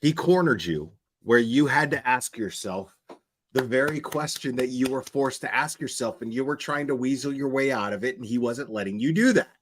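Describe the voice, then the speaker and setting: A man's voice: medium pitch, moderate pace, a little hiss or hum. A man hosting reaction commentary, blunt and profane, hammering his points over and over. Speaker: commentary channel host.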